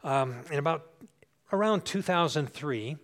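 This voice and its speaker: A man's voice: fairly high pitch, animated, measured pace, a bit bright. Older man preaching a conversational sermon. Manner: conversational, checks in with "okay?", repeats phrases for emphasis. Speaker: pastor.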